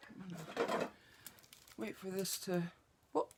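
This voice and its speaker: A beauty vlogger from Southeast Oklahoma, US, chats her way through a casual makeup tutorial at her home makeup table with the window open. She jokes about herself and drops to a whisper while applying products. Her mid-range voice is fairly even and slow, with background noise behind it.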